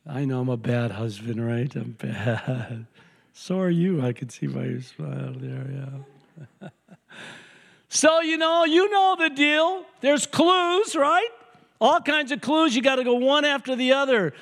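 Older pastor guy, highish voice, jokey storyteller, lots of echo in the church. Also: a little slow, vocal fry. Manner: animated, joking storyteller with emphatic repetition. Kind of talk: sermon. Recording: long hall reverb.

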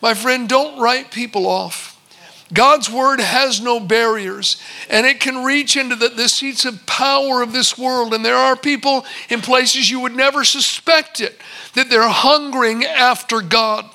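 Preaching as a pastor, a man tells Bible stories and personal experiences, vividly acting out the servants and a visitor in quoted dialogue. His voice is very high and bright, forceful in tone, and a little slow.

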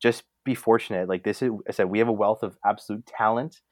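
This is a man, talking in a loose, rambling way full of "uh"s and restarts. His voice sits fairly low. The sound is dry and close, with no room around it. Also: steady tone, fast, no echo. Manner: rambling with many fillers and restarts. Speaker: podcast co-host. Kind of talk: casual sports chat.

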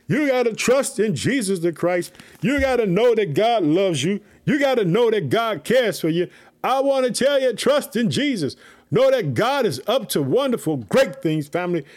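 Fervent high-voiced preacher man. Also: very animated, a little mellow. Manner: fervent, repeats "family" and "let me tell you something"; reads scripture slowly, then preaches in bursts. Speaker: preacher and podcast host. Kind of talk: sermon.

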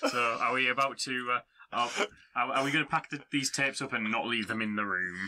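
A man playing in a tabletop role-playing game, calm but hesitant, stumbling over his words. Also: medium pitch, a little fast. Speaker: player. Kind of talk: in-character tabletop play.

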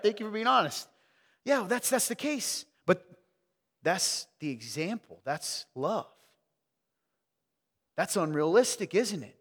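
A man from the South, preaching a sermon and quizzing his congregation, swinging between loud emphasis and hushed asides. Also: on the high side, long reverb tail. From American South. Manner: energetic, questioning the crowd, wide swings from loud to hushed. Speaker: pastor. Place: church sanctuary.

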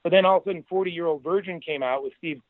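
Man, high voice, tinny phone-like sound, dry, animated storyteller, podcast guest. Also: fast talker, no echo. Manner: animated anecdote teller, acts out quotes. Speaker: guest, entertainment executive. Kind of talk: casual podcast chat, storytelling.

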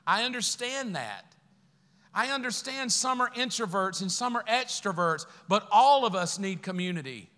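A middle-aged man preaching a sermon in a fairly high, bright voice. He talks conversationally, slipping in jokes and rhetorical questions. The sound rings with the long reverb of a large hall. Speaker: pastor.

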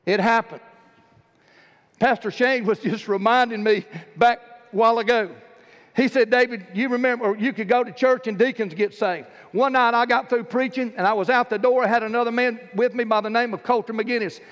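A man preaches in a church sanctuary with a very high-pitched voice, telling his stories with rising, fervent emphasis. A long hall reverb trails behind every phrase. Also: fairly even intonation, a little fast, a bit bright, muffled recording. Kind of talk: sermon.

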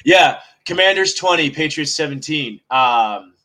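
A man's voice: fairly high pitch, animated, unhurried, bright, forceful tone, poor audio. A man co-hosting a sports podcast, ranting heatedly with lots of swearing in casual talk.

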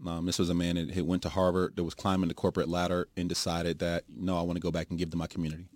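A man's voice: deep voice, monotone, rapid-fire, a little mellow, no echo. A man co-hosting a casual sports talk show, full of loose joking banter. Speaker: co-host.

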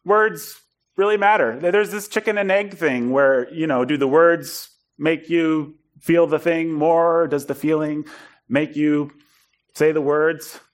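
A man preaching in a storytelling style, animated and self-deprecating, acting out bits of dialogue. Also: fairly high pitch, takes it slowly. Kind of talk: storytelling sermon.

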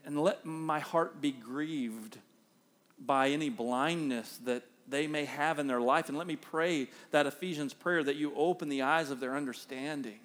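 A middle-aged man preaching a sermon as pastor, acting out everyday scenes in a raised, animated voice. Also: on the high side, in a large hall.

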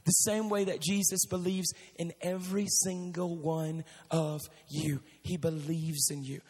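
Animated high-voiced male preacher. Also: measured pace, slightly rough. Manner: animated, emphatic, addresses crowd directly. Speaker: youth preacher. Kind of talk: sermon. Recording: reverberant hall with faint music.

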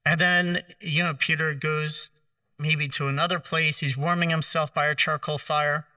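A man preaching a sermon, telling the story in a conversational way, acting out the quoted lines with gentle humor. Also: fairly high pitch, level tone, normal speed, no room sound, far from the mic.

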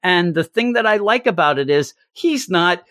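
A man co-hosting a casual chat, animated, often slipping into quick voices for characters. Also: high voice, no echo, clean studio sound. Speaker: podcast co-host.

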